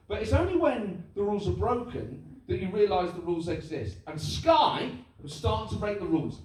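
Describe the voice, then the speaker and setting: Animated stand-up comedian. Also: male voice, fairly high pitch, slight background noise. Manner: animated, mimics voices and accents for laughs. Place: live venue with audience. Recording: echoey live room, mic heard from a distance.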